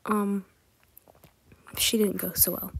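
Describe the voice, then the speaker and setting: A woman's voice: medium pitch, level tone, takes it slowly, creaky, a little hiss or hum. A young woman casually rambling about school memories over her drawing video, half whispering, giggling, with lots of fillers. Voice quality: soft, partly whispered delivery. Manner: giggly, filler-heavy storytelling. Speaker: art vlogger.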